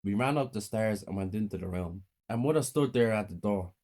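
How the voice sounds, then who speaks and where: A man narrating a short first-person horror story in a plain, quiet way. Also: lowish voice, brisk.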